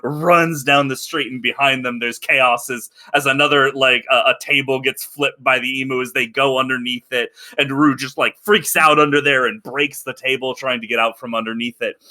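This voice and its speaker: A man narrating a tabletop game as game master, lively and full of fillers, breaking into shouted guard voices. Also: medium pitch, moderate pace, hardly any pauses.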